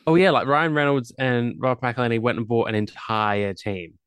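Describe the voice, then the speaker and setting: A man's voice: mid-range voice, fairly even intonation, moderate pace, a bit bright, clear, resonant tone, no echo. A man from England co-hosting a podcast in casual chat, blunt and sweary, trash-talking teams and towns for laughs. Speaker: podcast co-host.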